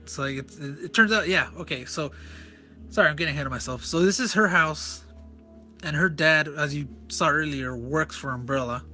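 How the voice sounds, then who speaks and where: Enthusiastic rambling man, bright voice. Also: on the high side, normal speed, soft background music. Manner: enthusiastic, rambling, self-correcting. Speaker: comic reviewer. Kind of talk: casual comic walkthrough.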